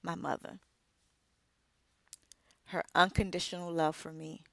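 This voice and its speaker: A middle-aged woman, an author and radio co-host, giving an inspirational speech with emphatic, measured phrasing and dramatic pauses. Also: lowish voice, flat delivery, creaky, fairly bright tone.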